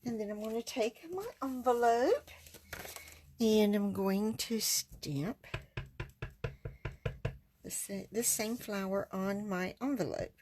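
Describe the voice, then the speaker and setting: A woman's voice: medium pitch, lively intonation, takes it slowly, pauses often, darkish tone, a little hiss or hum. A woman chatting in a folksy way as she demonstrates card stamping on a livestream. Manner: folksy, chatty, talks while working. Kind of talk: casual craft demonstration.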